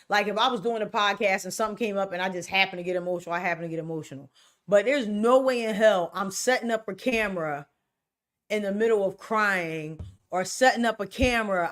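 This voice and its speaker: Blunt, profane woman ranting casually. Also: on the high side. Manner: blunt, profane, animated rants with laughs. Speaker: podcast host. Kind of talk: casual solo commentary.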